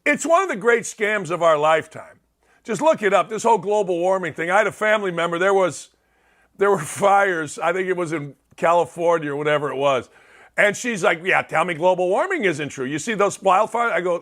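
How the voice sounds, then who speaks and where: A middle-aged man hosting a sports talk show, delivering a sarcastic, opinionated monologue with wide swings for emphasis. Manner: sarcastic, animated, swings pitch widely for emphasis.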